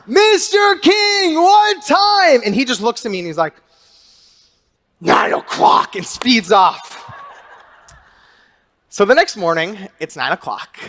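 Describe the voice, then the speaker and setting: Animated young man telling a story. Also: high voice. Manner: animated storyteller, acts out his own shouts. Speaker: author and speaker. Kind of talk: storytelling talk to an audience.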